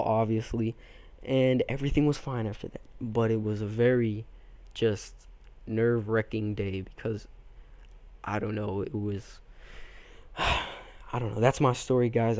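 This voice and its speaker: A man's voice: medium pitch, mellow, no room sound. A teenage man hosting a gaming channel, telling a long rambling story full of fillers and restarts over his gameplay.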